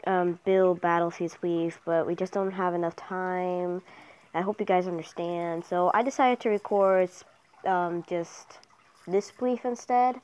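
Excitable young gamer girl, lo-fi mic. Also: fairly low pitch, smooth. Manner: excitable, cheering and trash-talking other players. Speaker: gamer commentator. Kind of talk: casual gameplay commentary.

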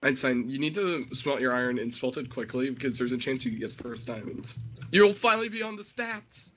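A man's voice: mid-range voice, animated, a little fast, a bit bright, a little hiss or hum. A young man co-hosting a Minecraft let's play, laughing often and teasing his partner. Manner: giggly, playful teasing. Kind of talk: casual gaming commentary.

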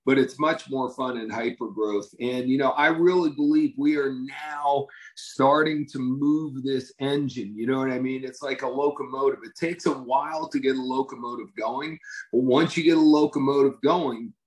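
A man gives a motivational talk to his business team, telling stories with easy enthusiasm. His voice sits at an ordinary middle pitch. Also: normal speed, poor audio. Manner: enthusiastic storyteller, conversational. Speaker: company leader addressing his team.

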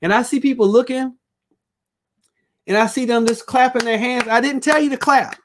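A man's voice: very high voice, steady tone, normal speed, a bit bright, slight background noise. A male pastor teaching a Bible study, preaching with call-and-response phrases and reading scripture aloud.

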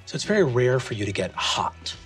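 A man narrating as game master of a tabletop game, animated and quick to laugh. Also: mid-range voice, music in the background. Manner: animated, lively, breaks into laughter.

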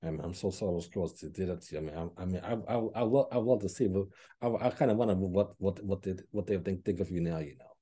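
A man hosting a podcast interview, talking haltingly and repeating words as he feels his way into questions. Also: deep voice, dark tone, slightly rough. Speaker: podcast host. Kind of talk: casual interview conversation.

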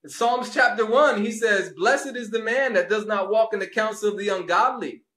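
Man, preachy rant, taunting, sarcastic, high bright voice, echoey room. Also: moderate pace. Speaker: religious video host.

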